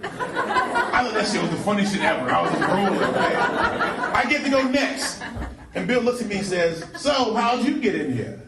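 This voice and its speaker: A man doing a stand-up routine, telling animated stories and slipping into celebrity voices. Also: high voice, a little fast, vocal fry. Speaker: stand-up comedian. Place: comedy club stage. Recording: roomy club sound from a distant mic, crowd laughter and noise.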